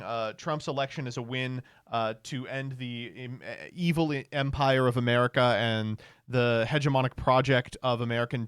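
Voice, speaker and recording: A man's voice: mid-range voice, fairly bright tone, clean tone, no room sound, clean studio sound. A man streaming casual political commentary, sarcastic and profane, often stammering and restarting his sentences.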